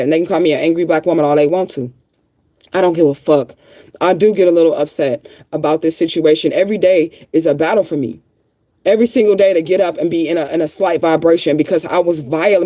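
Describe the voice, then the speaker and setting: A woman's voice: lowish voice, mellow, dry recording. A woman hosting her own livestream, ranting heatedly and swearing, repeating herself as she answers viewers. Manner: heated, profane, repetitive. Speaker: livestream host. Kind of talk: casual livestream rant.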